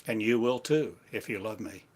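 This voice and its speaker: A man giving a slow, meditative sermon in halting, repetitive phrases, like an incantation. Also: fairly low pitch, lively intonation, a little mellow, slightly rough. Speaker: spiritual teacher.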